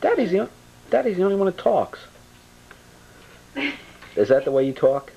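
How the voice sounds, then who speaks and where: A man's voice: sits high, big pitch swings, normal speed, creaky, mellow, husky, dull audio. A man filming home movies, teasing and chatting with his young children from behind the camera. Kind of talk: casual family home-movie banter.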